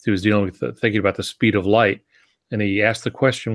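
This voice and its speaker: A man who writes novels, talking on a writing podcast in a reflective, storytelling way with thoughtful pauses. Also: fairly low pitch, steady tone, dry recording, clean studio sound. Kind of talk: casual podcast chat about writing.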